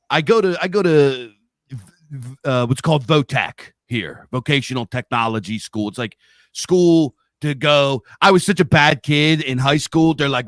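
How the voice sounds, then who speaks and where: Recorded on a studio mic for a live stream with no echo, this Pennsylvania-accented, middle-aged podcast host tells loose, rambling stories in casual conversation, cursing freely. His voice is medium-pitched with a fairly bright tone.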